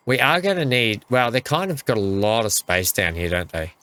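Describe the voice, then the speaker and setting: With big pitch swings, a mid-range voice, and normal speed, he sounds bright and forceful in clean audio. He's a gaming channel host giving casual let's play commentary while addressing the vehicles on screen.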